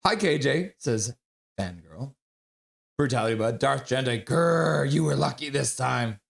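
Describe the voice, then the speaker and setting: Sniffly guy hosting a live stream, reads chat out loud and says hi to everyone by name, voice bounces all over. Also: mid-range voice, lively intonation, unhurried, creaky. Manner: chatty, reads chat aloud and greets viewers by name. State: sniffly, with a runny nose. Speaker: livestream host. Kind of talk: casual live-stream chat reading viewer comments.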